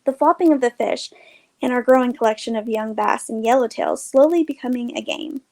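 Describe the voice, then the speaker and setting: A woman's voice: on the high side, creaky. Woman narrating a story, light voice. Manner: measured, expressive reading. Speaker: storyteller, host.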